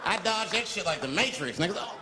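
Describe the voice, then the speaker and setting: A male stand-up comedian telling a story in an animated, profane way, swinging between mumbles and shouts, on stage before a live audience. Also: high-pitched, quick pace. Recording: live comedy club with crowd laughter and noise.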